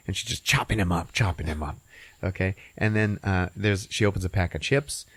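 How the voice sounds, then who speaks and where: A man hosting a podcast, casually recapping a movie's plot with lots of profanity and laughter, jumping into squeaky put-on voices for the characters. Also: fast talker, dry recording. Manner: profane, laughing, animated storytelling. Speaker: podcast host.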